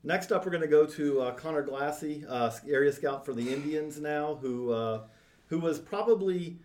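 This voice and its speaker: A man's voice: a little high, moderate pace, darkish tone, a little hiss or hum. A man hosting a podcast, introducing recorded messages in a casual, joking way. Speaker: podcast host. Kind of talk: casual chat.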